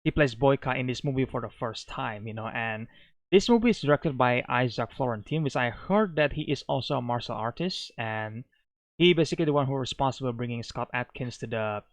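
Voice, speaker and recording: A man reviewing a film in a loose, unscripted way, rambling and filling every pause with small filler phrases. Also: medium pitch, animated, no echo. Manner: rambling, fills pauses with "you know" and "like". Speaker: movie reviewer.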